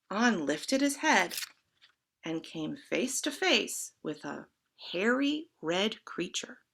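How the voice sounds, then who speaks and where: A woman reading a children's story aloud at a church service, expressive and speaking directly to her listeners. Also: medium pitch, slow, vocal fry.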